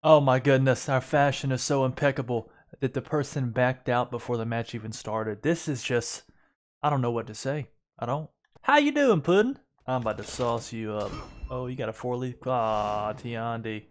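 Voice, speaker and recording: A man's voice: medium pitch, fairly even intonation, moderate pace. A man giving casual gameplay commentary as a streamer, joking and teasing his opponents. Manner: playful, teasing trash talk.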